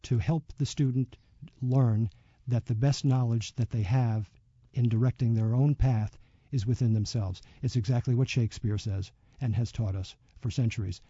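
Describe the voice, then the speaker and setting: A man being interviewed as a yoga teacher, speaking reflectively and telling a story with many pauses and fillers. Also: medium pitch, fairly even intonation, warm tone, breathy edge, no echo, muffled recording. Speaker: yoga teacher and author, guest. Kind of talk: radio interview.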